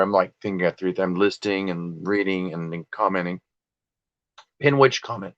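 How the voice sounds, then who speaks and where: Guy rambling on his livestream, kinda low voice, laughs at himself, dry close sound. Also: fairly bright tone, no room sound, lo-fi sound. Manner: rambling, self-deprecating, chatty. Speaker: livestream host listing items for sale. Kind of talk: casual livestream chat. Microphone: desktop computer and phone.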